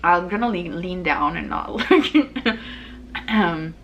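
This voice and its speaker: Chatty young woman, lowish voice. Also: animated, takes it slowly, a little hiss or hum, low-quality recording. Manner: rambling, chatty, many fillers and restarts; laughs easily. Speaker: podcast host. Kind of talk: casual personal chat.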